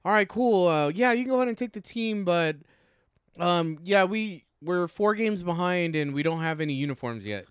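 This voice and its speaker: A man co-hosting a casual podcast, telling a profane, animated story about coaching youth baseball. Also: high voice, moderate pace, smooth, no echo, studio quality.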